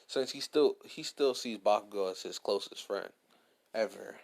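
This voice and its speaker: A man's voice: on the low side, moderate pace, creaky. A man casually telling an improvised fan story, rambling and slangy, full of fillers.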